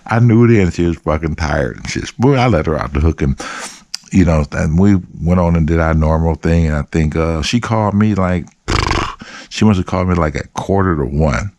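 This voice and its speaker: A man hosting his own show, telling profane, animated stories and acting out other people's voices. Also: deep voice, normal speed, no room sound. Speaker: host. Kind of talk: casual storytelling.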